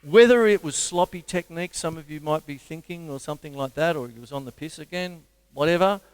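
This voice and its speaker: A man's voice: a little high, fairly quick, smooth, dry recording. Chatty Australian man teaching drums. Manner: chatty, counts beats aloud. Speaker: drum teacher. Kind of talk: livestreamed drum lesson. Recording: drum kit loud behind voice.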